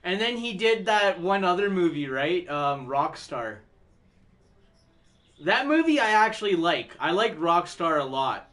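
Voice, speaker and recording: A man's voice: high-pitched, sing-song, measured pace, fairly bright tone. A man hosting a music stream who tells rambling stories in casual chat, laughing often and swearing a lot.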